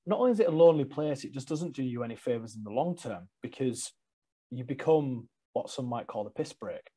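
A man's voice: mid-range voice, a little fast, husky. A man, a guest wrestler, chatting casually in an interview and animatedly acting out the stories he tells. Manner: animated storyteller, acts out quotes.

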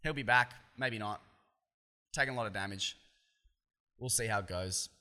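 A man's voice: on the low side, moderate pace, bright, forceful tone. An Australian man hosting a solo podcast, talking casually in a profane, opinionated, rambling way with frequent restarts. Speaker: podcast host.

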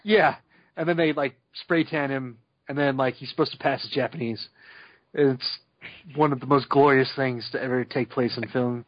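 A man's voice: medium pitch, normal speed, no echo, lo-fi sound. A man co-hosting a podcast in casual chat, telling stories with jokes and frequent laughter. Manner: joking, animated storyteller, laughs often. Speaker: podcast co-host.

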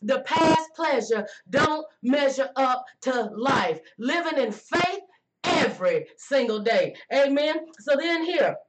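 A woman with a high, bright-pitched voice delivers a folksy sermon. She calls out to her listeners and draws words out slowly for emphasis. A faint hiss sits under the recording. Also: animated. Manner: folksy, call-and-response, drawn-out emphasis. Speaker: preacher.

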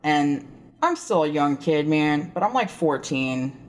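A woman's voice: deep voice, lively intonation, measured pace. A woman co-hosting a podcast, telling a rambling, profane story in casual chat. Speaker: podcast co-host.

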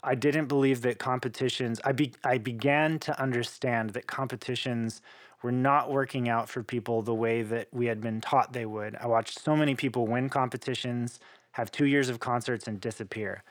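Brief: male interview guest, lively storyteller, dry close recording. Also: mid-range voice, moderate pace, dry recording. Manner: animated, laughing storyteller.

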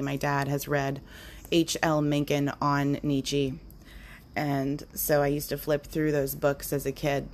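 A woman's voice: deep voice, slight background noise. A middle-aged woman hosting a podcast, talking through her thoughts unscripted in an earnest, musing way, now and then slipping into playful quoted voices. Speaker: podcast host. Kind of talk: unscripted reflective monologue.

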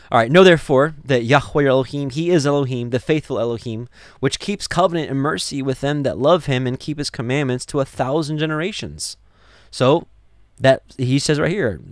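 A man's voice: on the high side, no echo, clean studio sound. A man reading scripture aloud and explaining it in an earnest, conversational way, full of restarts and asides to the listener. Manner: earnest, conversational, many restarts and "you know". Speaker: Torah teacher. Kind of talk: scripture reading with sermon-like commentary.

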